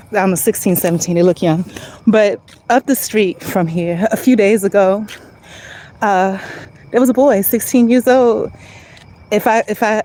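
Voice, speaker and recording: A woman's voice: mid-range voice, darkish tone, rough recording. A woman talking to her viewers in a casual, rambling vlog while walking outside, earnest and emotional. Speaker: vlogger speaking to viewers. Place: outdoors on a street, walking.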